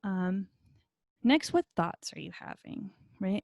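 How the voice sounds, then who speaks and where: A woman's voice: mid-range voice, lively intonation, slow pace, gravelly, a little mellow, no echo, clean studio sound. A woman instructor recording a video lecture on her computer, talking in a friendly, encouraging way with frequent fillers. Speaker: college instructor.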